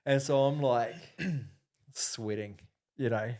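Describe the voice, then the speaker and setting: A man's voice: medium pitch, slow pace, a little mellow. A man, co-hosting a casual podcast and telling a story with lots of fillers and restarts. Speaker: podcast co-host.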